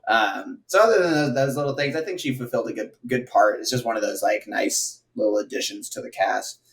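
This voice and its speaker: A man co-hosting a casual film review podcast, speaking haltingly with many fillers. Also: medium pitch, recorded from a distance. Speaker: podcast co-host.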